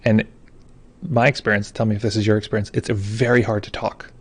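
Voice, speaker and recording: A man teaching meditation in a live call, explaining in a relaxed, informal way with frequent restarts. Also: on the low side, a little fast, breathy edge.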